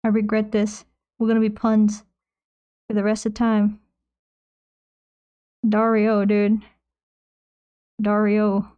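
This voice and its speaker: A young woman paints on stream, talking slowly into a nearby desk mic in a smooth, warm, mid-range voice that stays monotone and pauses often. She rambles, makes fun of herself, and reads her chat aloud while replying.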